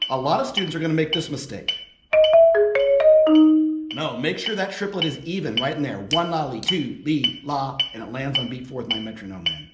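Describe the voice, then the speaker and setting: A man's voice: medium pitch, lively intonation, fairly quick, long pauses, loud music behind the voice. A man giving a percussion lesson, explaining audition tips and counting rhythms aloud as he demonstrates. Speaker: percussion professor. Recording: roomy with loud marimba.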